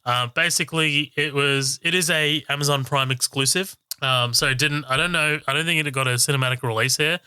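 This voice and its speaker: A male podcast co-host with a very bright, crisp voice, recorded close and dry on his microphone. He talks loosely and swears freely while reviewing films. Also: on the high side, fairly even intonation, fairly quick, few pauses, no echo. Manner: loose and profane, with laughs and self-corrections. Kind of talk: casual film podcast chat.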